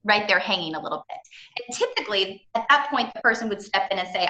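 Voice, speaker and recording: A woman's voice: medium pitch, lively intonation, fast talker, pushed and bright, roomy sound, low-quality recording. A woman presenting a business etiquette seminar, chatty and engaging with frequent fillers.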